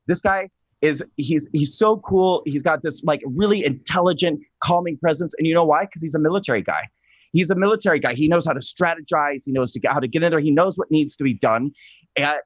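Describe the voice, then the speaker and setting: A man hosting a political talk show, excitable and gushing, rambling with many restarts and self-corrections. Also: fairly high pitch, dry recording, low-quality recording. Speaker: host.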